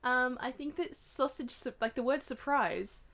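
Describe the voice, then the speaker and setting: A woman's voice: high-pitched, unhurried, a bit bright. A woman co-hosting a casual podcast, dry and teasing with an amused tone. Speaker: podcast co-host.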